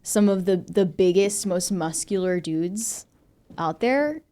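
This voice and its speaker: A woman's voice: medium pitch, lively intonation, slow, mellow. A woman guest on a podcast, giving strong opinions in casual, emphatic speech. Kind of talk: casual talk-show conversation.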